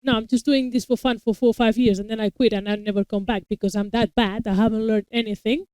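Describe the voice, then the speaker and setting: Co-hosting a relaxed chat reacting to a TV episode, a mother of young children gives long, winding explanations and restarts sentences as she goes. Her smooth, clear, slightly high voice moves quickly, recorded close and dry with no echo or room sound, though the quality is low.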